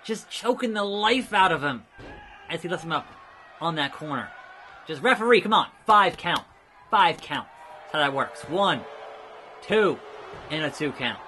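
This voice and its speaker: A man hosting a let's play, giving excitable, jokey wrestling play-by-play with sudden shouts. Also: on the high side, moderate pace, pauses often, slight background noise. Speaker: host.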